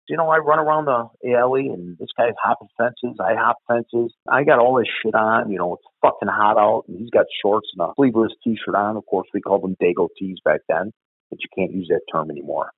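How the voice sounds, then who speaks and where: A man's voice: lowish voice, a little fast, breathy edge, no room sound. A man, a former police officer, telling blunt, profane stories in casual conversation. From Chicago. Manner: blunt, profane, animated storyteller. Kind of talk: casual storytelling. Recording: tinny phone line.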